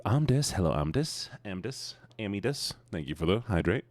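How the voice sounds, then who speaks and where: A low-voiced man chats with his stream audience in a teasing, sing-song manner, his pitch leaping up and down constantly. The sound is dry and close, with almost no room around it. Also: sing-song, normal speed, a little mellow, dry recording. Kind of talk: casual chat greeting viewers.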